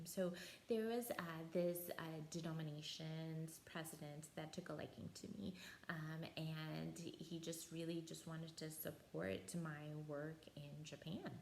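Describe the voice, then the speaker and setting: A woman evangelist telling a personal testimony in a relaxed storytelling way, with frequent fillers and soft laughs. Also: low voice, vocal fry, a little hiss or hum. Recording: echoey room, faint ambience.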